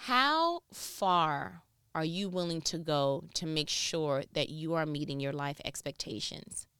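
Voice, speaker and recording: Woman preaching relationship advice, smooth clear voice, goes loud then drops low, dry close sound. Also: takes it slowly, dry recording. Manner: animated, preachy, jumps between loud emphatic lines and low asides. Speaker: speaker giving relationship advice. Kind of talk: motivational talk.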